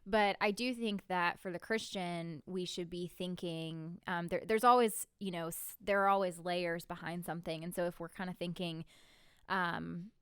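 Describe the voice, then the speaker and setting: A woman with a low, clear voice talks thoughtfully on a casual podcast. She speaks in a measured way, and the recording is dry and close-miked. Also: fairly even intonation, no room sound. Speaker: podcast co-host.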